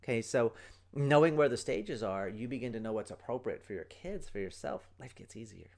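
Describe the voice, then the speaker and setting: A man's voice: medium pitch, lively intonation, brisk, a little mellow. A middle-aged man hosting a solo parenting podcast, explaining earnestly and acting out quoted lines as he goes. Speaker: podcast host, parenting coach.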